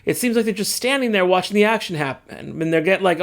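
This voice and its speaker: Male comic-recap host with a high voice, lively and jokey, slips into quick character bits. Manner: animated, jokey, acts out characters in quick asides. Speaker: comic book reviewer and channel host. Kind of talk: casual comic issue recap.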